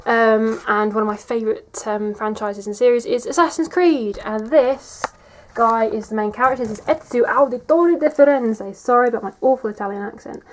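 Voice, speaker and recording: A woman's voice: fairly high pitch, fairly even intonation, moderate pace, low-quality recording. A young woman gives a casual, rambling bookshelf tour vlog, often saying "like" and "um". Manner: chatty and rambling, says "like" and "um" often. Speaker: vlogger.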